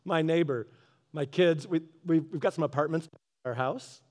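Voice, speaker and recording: A man giving a casual devotional talk, telling a story in a lively way and acting out both sides of an argument. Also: a little high, moderate pace. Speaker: Christian speaker. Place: garage office.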